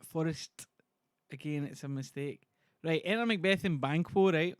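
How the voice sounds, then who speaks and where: A man's voice: a little high, normal speed, clean tone, no room sound, studio quality. A man reading a play on a live stream, swearing and bantering in exasperation with his chat. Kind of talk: casual livestream reading.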